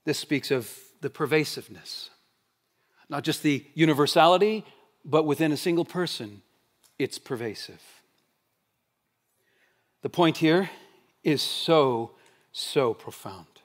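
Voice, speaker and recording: A man preaching from the pulpit in a voice set a little higher than most men's. He drives his points home with insistent repeated questions, then sinks into quiet, low passages for weight. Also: measured pace, pauses often. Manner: emphatic repeated rhetorical questions; shifts between loud proclaiming and low quiet stretches. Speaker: pastor. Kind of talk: sermon.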